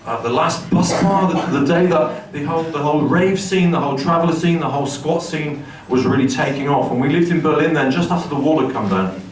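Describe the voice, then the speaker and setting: A man telling a rambling story casually, animated and laughing through his lines, swearing freely. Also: on the high side, roomy sound, far from the mic. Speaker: storyteller and singer. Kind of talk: casual spoken storytelling with guitar.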